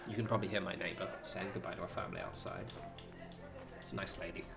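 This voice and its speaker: A man's voice: deep voice, fairly even intonation, fast, vocal fry, over loud music. A man streaming a game, chatting casually in a rambling, sweary way with lots of fillers. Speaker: gaming streamer. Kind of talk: casual chat while playing.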